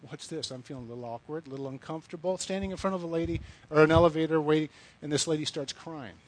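A middle-aged man preaches a sermon to young women, telling stories conversationally with blunt asides. His voice is on the high side and very fast, and the audio quality is poor.

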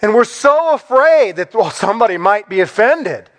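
A man with a notably high voice preaches from the pulpit, his pitch swinging widely from line to line. He leans on repetition and builds to emphatic declarations, then drops back to plain address. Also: sing-song, moderate pace. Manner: rising to emphatic, repeated declarations. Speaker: pastor. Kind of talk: sermon.

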